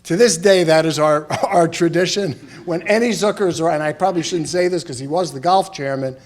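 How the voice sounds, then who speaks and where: A man's voice: on the high side, fairly quick. A middle-aged man at a podium microphone in a funeral chapel, giving a eulogy full of humorous anecdotes and chuckling through the stories.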